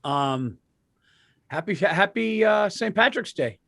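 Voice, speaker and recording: Animated man telling stories on a podcast. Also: high voice, slow pace, dry recording, clean studio sound. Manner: animated storytelling, swearing, frequent restarts. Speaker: podcast co-host. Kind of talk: casual comedic chat.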